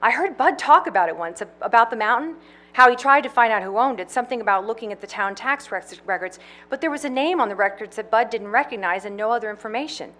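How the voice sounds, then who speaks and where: A woman's voice: a little high, expressive, quick pace. A woman reading the part of a scheming, domineering woman in a play, bossy and insistent. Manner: bossy, insistent, rising to shouts.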